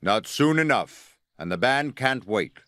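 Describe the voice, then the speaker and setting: Man doing a firm railway chief, close to his own voice, slow, music bed. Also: mid-range voice, big pitch swings, sharp tone, dry recording. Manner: firm, matter-of-fact. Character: stout, firm male railway boss. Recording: music playing behind.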